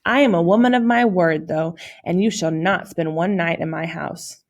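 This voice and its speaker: Haughty strict foster mom, proper and scolding, kinda low voice, read by a woman. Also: normal speed, natural voice. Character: stern, pompous middle-aged foster mother.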